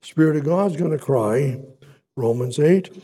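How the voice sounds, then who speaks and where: A man preaching a sermon, expounding scripture in a deliberate way, repeating words for emphasis and swelling louder on key points, with frequent restarts. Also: a little high, expressive, husky. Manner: halting, with frequent restarts and asides.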